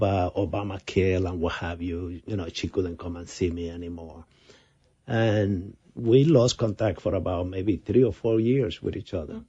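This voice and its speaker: Low husky man. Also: warm tone. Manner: storytelling, repeats words, acts out quotes. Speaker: radio co-host, physician. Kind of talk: casual radio chat. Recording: dull lo-fi radio broadcast.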